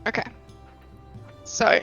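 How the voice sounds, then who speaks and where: A woman playing a tabletop game who speaks haltingly, restarting her sentences. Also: a bit bright, highs cut off, faint music behind. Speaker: player. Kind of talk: casual tabletop play.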